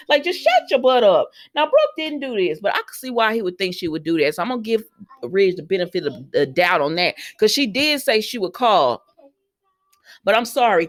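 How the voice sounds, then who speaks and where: A woman vlogger casually recapping a soap opera episode, acting out the characters' lines and talking back to them. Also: mid-range voice. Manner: chatty, animated, acts out characters' lines, talks back to them.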